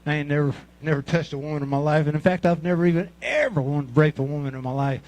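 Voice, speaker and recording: A man's voice: a little high, fast, a little mellow, low-quality recording. A man in his sixties from Mississippi with a Southern accent, telling crude, profane, rambling stand-up stories. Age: 60s. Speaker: amateur comic at a talent show. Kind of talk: stand-up storytelling.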